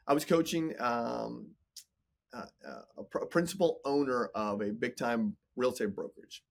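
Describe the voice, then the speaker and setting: A man's voice: mid-range voice, normal speed, gravelly. A man in his forties, a business coach talking in a casual podcast interview, emphatic and motivational, often repeating words. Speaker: business coach and entrepreneur guest.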